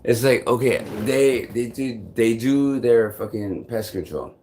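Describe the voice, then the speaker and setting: A man's voice: medium pitch, lively intonation, unhurried, darkish tone, slight background noise. A man vlogging, telling a long frustrated story in a rambling, profane way. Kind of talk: casual storytelling to camera.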